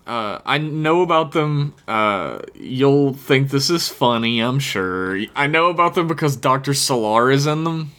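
A male podcast co-host trading jokes in easygoing banter, his pitch swinging widely as he talks. He reads listener emails aloud between teasing remarks. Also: animated, a little slow, few pauses, a bit bright.

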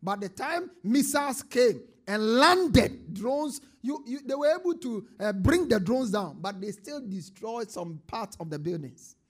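Pastor, man, high-pitched, fiery live sermon, quiet then shouting, leads church call-and-response. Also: animated, a little slow, few pauses. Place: church service before a congregation.

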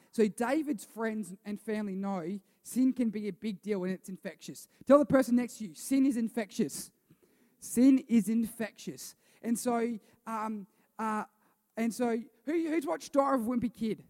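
A man's voice: sits high, a little mellow. A male pastor preaching a casual, chatty sermon, repeating himself and asking the congregation questions. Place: church hall with a congregation. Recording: long reverb of a church hall.

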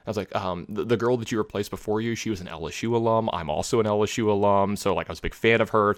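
A man telling a long story in casual podcast chat, rambling, full of filler words and lively retellings. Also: on the low side, very fast, dry recording.

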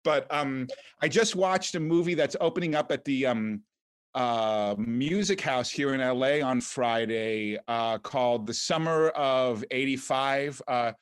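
A man's voice: mid-range voice, a little slow, clean tone, dry recording. Wry middle-aged male writer. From Washington, D.C. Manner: wry, self-deprecating humor. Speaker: guest, entertainment writer. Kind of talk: casual interview chat.

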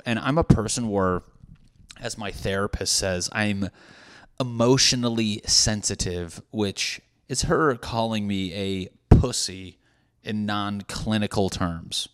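Lower-voiced man in his thirties, rambling. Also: moderate pace. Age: 30s. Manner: rambling, profane, self-deprecating. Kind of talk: casual podcast chat.

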